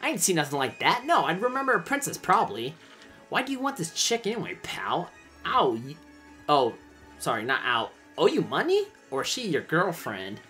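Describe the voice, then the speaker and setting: A man's voice: a little high, huge pitch swings, normal speed, bright, forceful tone, soft background music, pitched above the performer's own voice, heavily acted. A man voicing a rude little male mushroom townsman in a game, brusque and street-tough. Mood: gruff.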